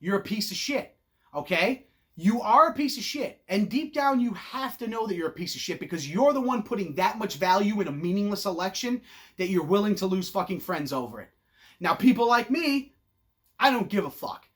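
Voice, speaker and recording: A man hosting an opinion show, ranting in a blunt, loud, profane and sarcastic way, mocking people in put-on voices. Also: high voice, big pitch swings, brisk. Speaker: host.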